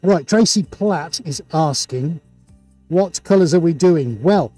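A man hosting a live painting stream in an indoor studio, talking through a face mask and calling out viewer shout-outs with showman-like excitement. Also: on the high side, takes it slowly, no echo, soft background music. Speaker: livestream host and painter.

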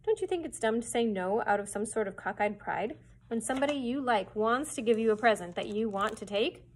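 Eager chatty kid in a storybook, a lady reading him out, bit husky. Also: on the high side, brisk. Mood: excited. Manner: lively, chatty. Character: eager excitable boy, bold and talkative. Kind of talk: storybook read-aloud.

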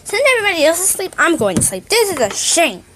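A woman vlogger plays out scenes with her dolls in a casual, chatty way, sighing now and then. Her voice sits high and moves in a lively way. A faint hiss runs under the recording. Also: fast talker. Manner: casual, sighing, chatty dialogue between toys. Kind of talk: doll play-acting.

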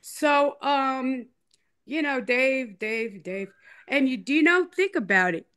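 A woman's voice: high-pitched, expressive, slow, fairly bright tone, clean tone. A woman interview guest in a casual chat, rambling, repeating herself and teasing in a playful way. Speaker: interview guest telling her story.

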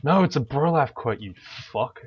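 A man's voice: medium pitch, lively intonation, normal speed, slightly rough. Young man swearing through gaming banter. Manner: profane, sarcastic banter. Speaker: gamer. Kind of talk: casual gaming chat. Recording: dull lo-fi mic with faint hiss.

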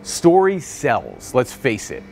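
Man, business coach, motivational sales lesson, energetic storyteller, mid pitch, faint background music. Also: slow pace, gravelly. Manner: energetic, storytelling, acts out quoted voices.

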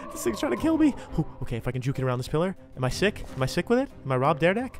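A man narrating his own game roleplay in an excitable way, often yelping and panicking as things chase him. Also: medium pitch, very fast. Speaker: gamer doing a roleplay. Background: game music.

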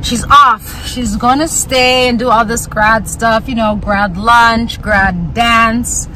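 A young woman vlogging in a casual, chatty way, playful and quick to tease. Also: on the high side, steady tone, sharp tone, a little hiss or hum, rough recording. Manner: chatty, laughing, playful teasing. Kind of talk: casual vlog chat.

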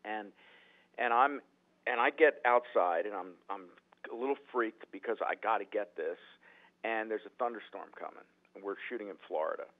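A man who is a writer-director telling animated stories in an interview, often restarting his sentences. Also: lowish voice, normal speed. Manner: animated, acts out quotes, frequent restarts. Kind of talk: anecdotal storytelling in a podcast interview. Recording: tinny phone-like line.

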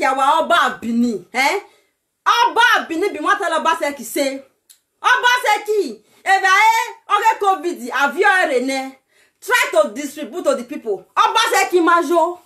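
A Nigerian woman with a Nigerian accent, delivering an impassioned political rant to her viewers, shouting and pleading. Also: extremely high pitch. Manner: shouting, pleading, breaks into laughter. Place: lives abroad in Europe.

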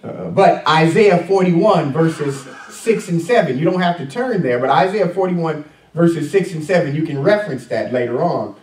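Male pastor, sermon, chatty preaching with fillers, slightly high voice, roomy echo. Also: expressive, moderate pace, darkish tone. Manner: conversational preaching with many fillers and audience questions. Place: church sanctuary. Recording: echoey church room, mic at a distance.

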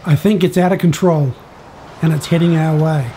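A man's voice: on the high side, fairly even intonation, normal speed, mellow, a little hiss or hum, lightly acted, rough recording. A man playing a worried fisherman captain in a storybook tale, talking in a blunt, urgent way.

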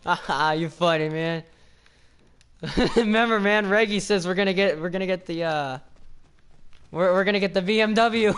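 A young man hosting a casual live stream, excitedly thanking viewers with lots of repeats and restarts. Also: high voice, normal speed, smooth, soft background music. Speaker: livestreamer.

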